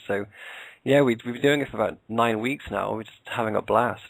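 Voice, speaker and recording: A man's voice: on the low side, steady tone, a little fast, vocal fry, no echo, poor audio. A British man, a podcast co-host, chatting casually as an interview guest, hesitant with many fillers and restarts. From England.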